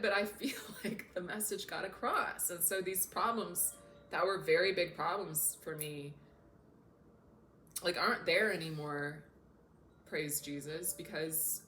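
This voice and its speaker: A woman with a fairly low voice talks casually to her camera as a coach. She sounds earnest and openly emotional. The room is echoey, with a faint hum underneath. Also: fairly bright tone. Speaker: self-development coach.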